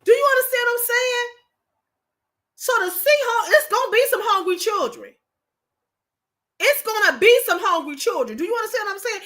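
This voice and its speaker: A woman's voice: extremely high pitch, animated, normal speed, long pauses, pushed and bright. A woman from Michigan, hosting a casual livestream, talking emphatically to viewers and repeating herself. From Michigan, USA. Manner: emotional, preachy. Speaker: livestream host.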